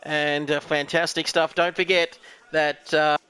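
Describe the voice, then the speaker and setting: Bright, high-voiced man calling a race. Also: flat delivery, measured pace, clear, resonant tone. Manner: chatty, jokey, reads out viewer comments. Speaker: sim racing commentator. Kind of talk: live race commentary.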